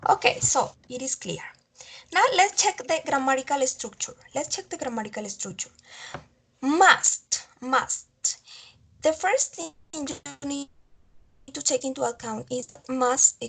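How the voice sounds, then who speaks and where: High, husky woman teacher. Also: measured pace, a bit bright. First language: Spanish. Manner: repeats each example, checks understanding with "okay?". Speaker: English teacher. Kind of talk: online grammar lesson.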